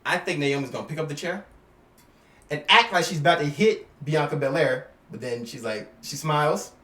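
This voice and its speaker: A man making casual wrestling predictions in an excitable, slangy way, acting out scenes as he goes. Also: a little high, normal speed, reverberant. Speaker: YouTuber giving wrestling predictions.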